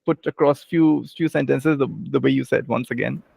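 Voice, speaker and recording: Male host, polite and encouraging, gravelly tone, dry mic. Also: mid-range voice, fairly even intonation, normal speed, a little mellow, no room sound. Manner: encouraging, polite, with many fillers. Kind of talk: hosting an online class. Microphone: video call.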